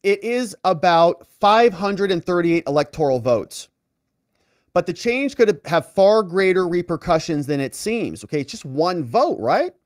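Male commentator, slightly high voice, lively and emphatic, dry close sound. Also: measured pace, no room sound. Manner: animated, emphatic, talks straight to viewers. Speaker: host. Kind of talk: political commentary.

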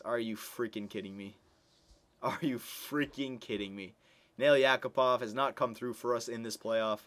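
Male gameplay commentator, emotional and reactive, begs his team on and yells at big moments, mid-pitched voice. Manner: emotional, pleading with the team, bursts into excited yelling. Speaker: video game commentator. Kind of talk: hockey game simulation commentary.

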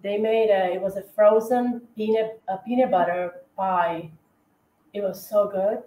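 A woman's voice: medium pitch, steady tone, a little slow, dark tone. A woman hosting a decorating livestream, chatting casually with many fillers and self-corrections. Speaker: cookie decorating livestream host. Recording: echoey room.

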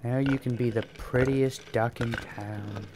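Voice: mid-range voice, steady tone, unhurried, noisy background. A person casually commenting on someone's video game play, giggly, rambling and playfully foul-mouthed over game music. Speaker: gamer watching and commenting.

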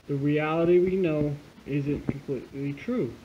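A man's voice: fairly high pitch, normal speed. A man talking over a video clip, profane and insistent as he explains a hidden message. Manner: profane, insistent conspiracy talk. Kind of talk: casual video commentary. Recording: dull lo-fi sound with clear noise.

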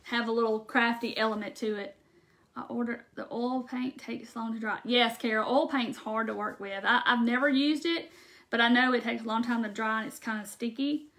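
Brief: Southern woman craft-stream host, Mississippi drawl, a touch high, folksy and chatty. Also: steady tone, normal speed, a bit bright. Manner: chatty, folksy, laughs often. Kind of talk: casual live chat with viewers. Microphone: phone or webcam on a live stream.

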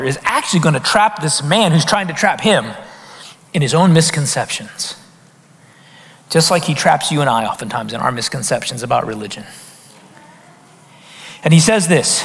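Man, pastor, sermon, high voice, very lively pitch, long church reverb. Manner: animated, conversational preaching with frequent restarts and rhetorical questions. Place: church sanctuary.

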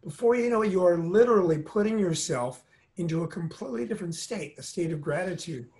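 Earnest, fairly high-voiced middle-aged man. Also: expressive, fast talker. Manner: earnest, motivational, emphatic with soft lowered passages. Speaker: drummer and motivational speaker, guest. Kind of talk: storytelling interview talk.

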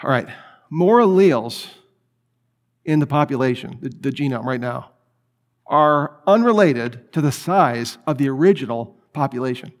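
A man giving a conversational, animated apologetics lecture with frequent restarts. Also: medium pitch, moderate pace.

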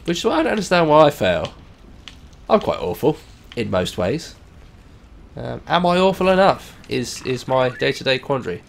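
A man giving rambling, self-mocking let's play commentary that breaks into loud, excited yells and swearing. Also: medium pitch, moderate pace, creaky, slight background noise. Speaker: gaming channel host.

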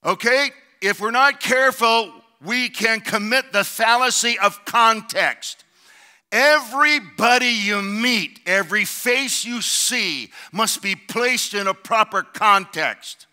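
A middle-aged man preaching a sermon as pastor, building to shouted emphasis and calling out to the congregation. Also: high voice, slow. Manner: preaching with rising shouted emphasis and call-outs.

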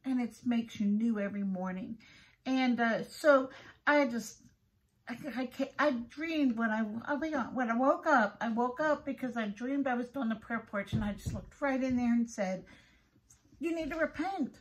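A woman's voice: a little high, normal speed, low-quality recording. A middle-aged woman giving an earnest, heartfelt devotional talk as a prayer podcast host, often repeating herself.

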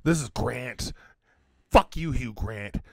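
A man doing a booming wrestling-promo impression on a whisky podcast, his voice gravelly and husky. It swings wildly from shouted highs to hushed asides, with a bright, forceful edge. The sound is close and dry. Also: animated, takes it slowly, no room sound. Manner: over-the-top wrestling promo bravado, calls everyone brother; breaks into laughter, drops to hushed asides. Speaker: podcast co-host.

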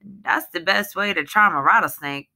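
A woman's voice: lowish voice, moderate pace, pushed and bright. A woman voicing a blunt, scornful villager in dialect.

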